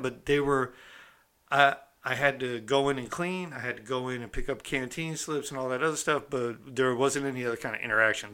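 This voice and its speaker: Bright-voiced streetwise man telling a story. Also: medium pitch. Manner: streetwise and conversational, often checking in with "right?". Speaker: storyteller recounting his own past. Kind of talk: casual first-person storytelling.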